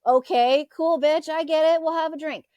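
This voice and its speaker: Woman in her forties, high voice, blunt profane rants, dry close sound. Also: fairly even intonation, normal speed, dark tone, dry recording, highs cut off. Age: 40s. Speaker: co-host. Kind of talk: casual podcast chat.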